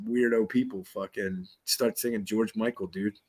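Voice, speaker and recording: Podcast host, husky-voiced man, rambling profane anecdotes. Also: lowish voice, steady tone, normal speed. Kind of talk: casual storytelling.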